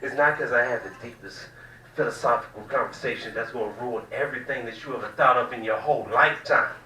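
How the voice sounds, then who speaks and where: A man from the American South doing a loud, profane, rambling stand-up set in a small cafe comedy room. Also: mid-range voice, fast talker. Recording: echoey room, mic at a distance.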